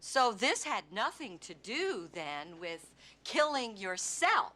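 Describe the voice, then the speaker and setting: Relentless, bright-voiced prosecutor. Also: female voice, mid-range voice, big pitch swings, slow, full character voice. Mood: probing. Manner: probing, pointed cross-examination. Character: sharp, relentless female prosecutor. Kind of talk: TV movie courtroom drama.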